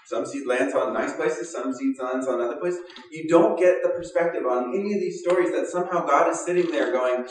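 A man's voice: a little high, brisk, few pauses. A man preaching a sermon in a conversational storytelling way, often acting out the people in his stories. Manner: conversational storytelling, acts out quoted voices. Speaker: pastor. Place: church hall. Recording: echoey church hall from a distance.

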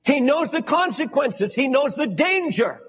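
An older American man preaching a sermon as pastor, emphatic and shouting for stress. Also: extremely high pitch, big pitch swings, a little slow. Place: large church sanctuary. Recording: long hall reverb.

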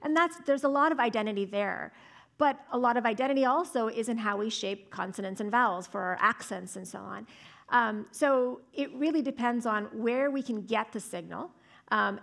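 A woman speech scientist gives an academic talk in a lecture hall and takes audience questions, explaining things thoughtfully and often saying "right?" and "um." Her voice is fairly high, gravelly, and fairly bright, at a moderate pace.

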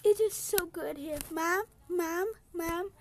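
A woman voicing a cheerful young woman sim in a life-sim game, gushing with excitement on a phone call to her mom. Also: high voice, moderate pace.

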